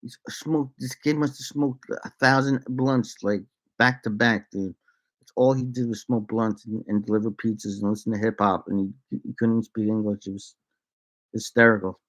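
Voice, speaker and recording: A man's voice: on the low side, steady tone, moderate pace, a bit bright. A man vlogging a casual story to camera, laid-back and rambling, laughing often and slipping into made-up sing-song bits.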